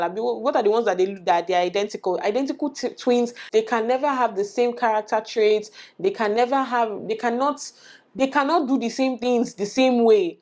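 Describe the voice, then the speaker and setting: A woman's voice: a little high, a little mellow. A woman in her thirties, a mother, giving earnest, emphatic parenting advice in a casual vlog and repeating herself for stress. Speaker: vlogger and mother.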